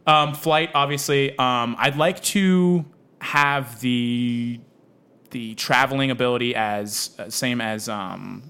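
A man's voice: mid-range voice, takes it slowly, sharp tone, smooth. A man co-hosting a casual podcast, rambling and hesitant, tossing in slang like dude and bro. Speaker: podcast co-host. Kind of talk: casual chat.

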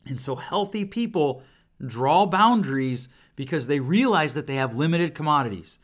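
Here a middle-aged man runs his solo podcast from a home computer setup, using a desk microphone. His voice is a little high and a bit bright, expressive at a normal speed, and his earnest, reflective talk is full of restarts and repeated words.

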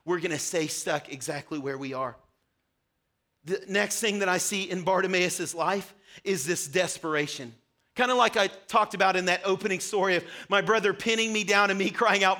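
Fervent high-voiced male preacher. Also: normal speed, bright, forceful tone. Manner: passionate and pleading, rising into fervent prayer. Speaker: pastor. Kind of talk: sermon. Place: church service before a congregation.

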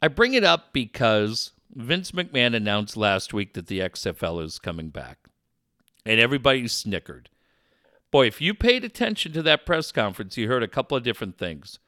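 A middle-aged man hosting a sports talk radio show, telling a rambling, animated story with many restarts. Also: medium pitch, moderate pace, dry recording, clean studio sound. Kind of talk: casual talk radio chat.

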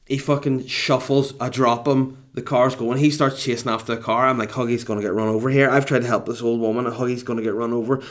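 A middle-aged man with a North Down accent from Northern Ireland, a podcast co-host telling a comic story in an animated, self-mocking way and swearing freely. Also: mid-range voice, fast, hardly any pauses. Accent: Northern Irish, North Down.

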